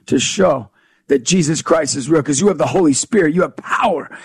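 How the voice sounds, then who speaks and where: A man's voice: fairly high pitch, brisk, vocal fry, husky, no echo, studio quality. A man as a guest in a faith interview, earnestly telling a story and acting out the dialogue. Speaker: guest speaker.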